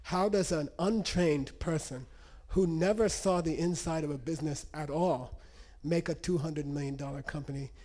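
Mellow-voiced man teaching meditation. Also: a little high, moderate pace, hardly any pauses. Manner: conversational, checks in with "okay?" and "you know". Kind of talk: storytelling lesson.

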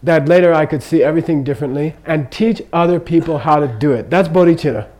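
An older man talks fast through an informal Buddhist teaching, his voice a bit high for a man and darkish in tone. Loose and funny, he wanders into asides and asks "okay?" constantly, more conversation than sermon, captured on a low-quality recording.

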